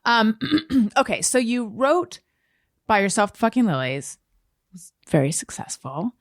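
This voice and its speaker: A woman's voice: medium pitch, sing-song, a little slow, no room sound, clean studio sound. A woman hosting a podcast interview, chatting casually and reacting with frequent agreeing murmurs. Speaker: podcast host.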